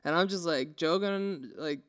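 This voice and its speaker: A man's voice: fairly high pitch, a little slow, smooth. A young man co-hosting a podcast, telling stories casually and acting out the quotes. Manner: animated storyteller, acts out quotes. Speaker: podcast co-host. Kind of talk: casual chat, storytelling.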